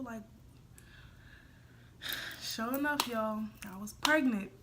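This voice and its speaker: Chatty young woman with a bright, high voice. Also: slight background noise. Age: young adult. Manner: chatty, says "like" and "y'all" a lot, drops to a hush for quoted thoughts. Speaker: vlogger. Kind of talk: casual storytime.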